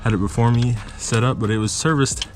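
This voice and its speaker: A man's voice: medium pitch, fairly even intonation, a little fast. A man talking through a repair on his truck while he works, rambling and out of breath from being sick, recorded on an action camera with music behind. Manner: rambling, self-interrupting, talks to the camera. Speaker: car repair vlogger. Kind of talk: casual how-to narration while working.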